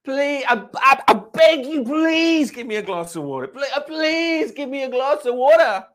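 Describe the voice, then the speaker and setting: A man's voice: very high voice, big pitch swings, normal speed, fairly bright tone, voice pushed up, heavily acted. A man voicing a pleading churchgoer who keeps begging over and over for a glass of water, in a raised, whiny voice.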